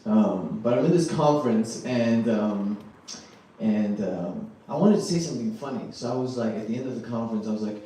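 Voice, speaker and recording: A man in his thirties from Germany doing a stand-up set, loose and halting with lots of ums and frequent laughter at his own jokes. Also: mid-range voice, lively intonation, warm tone. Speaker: stand-up comedian. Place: small comedy venue. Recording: roomy, distant club mic with faint noise.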